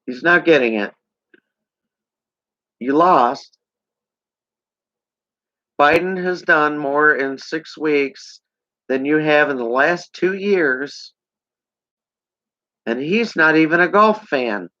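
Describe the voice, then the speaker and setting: Slow, ranting man on a dull recording. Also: on the high side, sharp tone, dry recording. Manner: heated, sarcastic, rambling. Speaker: vlogger. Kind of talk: political rant to camera. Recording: dull lo-fi sound.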